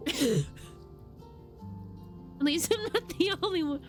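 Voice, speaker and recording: A young woman streaming a video game, chatting casually and excitably and laughing often as she plays. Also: high voice, slow. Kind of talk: casual gameplay chat. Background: game music.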